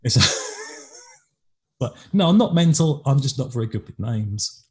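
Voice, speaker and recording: A man's voice: mid-range voice, expressive, takes it slowly. An English man co-hosting a podcast in casual chat, rambling with lots of restarts. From England. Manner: chatty, rambling, with frequent restarts. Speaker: podcast co-host.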